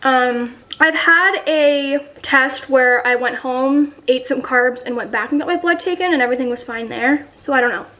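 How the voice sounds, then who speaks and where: High-voiced chatty young woman vlogging. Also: normal speed, hardly any pauses, pushed and bright, poor audio. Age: 20s. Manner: chatty, rambling, filler-heavy. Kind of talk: casual vlog chat.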